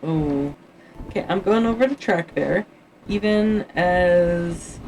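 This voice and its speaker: Very slow, low-voiced woman streamer. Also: a little mellow, a little hiss or hum, low-quality recording. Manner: muttering, thinking aloud to viewers. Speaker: livestreamer doing writing sprints. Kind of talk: casual livestream chat. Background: faint music playing.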